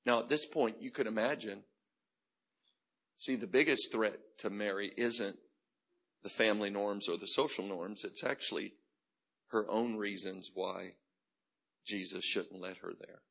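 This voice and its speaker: Gravelly, bright-toned male preacher. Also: fairly low pitch, unhurried, long pauses. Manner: conversational, humorous, repeats phrases for emphasis. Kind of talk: sermon.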